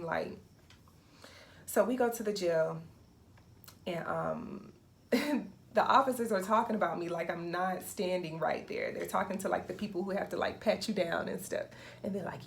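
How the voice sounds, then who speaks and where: Young woman telling a lively story. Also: fairly low pitch, measured pace, gravelly. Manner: animated, acts out quotes, laughs often. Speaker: vlogger. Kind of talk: casual storytime.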